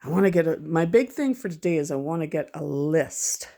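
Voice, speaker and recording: A woman vlogging from her home in a loose, chatty way, wandering off track and circling back mid-sentence. Her voice sits a little lower than most women's. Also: animated, brisk, gravelly, mellow. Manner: chatty, rambling, frequent self-corrections and laughs. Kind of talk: casual chat to camera.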